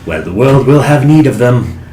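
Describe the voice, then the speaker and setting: A man's voice: medium pitch, animated, normal speed, warm tone. A man playing in a tabletop game, talking in an easygoing, playful way and slipping into his character. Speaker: player. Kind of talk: tabletop role-play, casual chat. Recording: echoey room, faint hiss.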